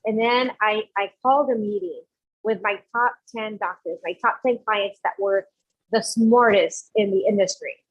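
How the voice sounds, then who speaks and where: A woman, a guest on an interview podcast, telling her story and acting out the lines of the people in it. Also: medium pitch. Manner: animated, acts out quoted dialogue. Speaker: guest entrepreneur. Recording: dull lo-fi audio.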